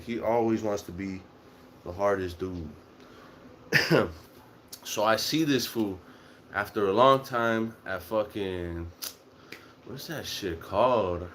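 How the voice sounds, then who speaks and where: A young man tells a story in a casual monologue. His voice sits a little low, and he swears freely and acts out what people said. A faint room hum sits behind him. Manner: profane, animated, acts out quotes.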